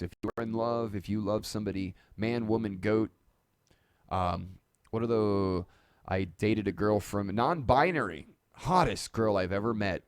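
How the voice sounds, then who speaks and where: A man on the low side hosts a casual live-stream monologue in a dark home studio, heard in a dry, clean studio recording. His talk is rambling and jokey, often at his own expense.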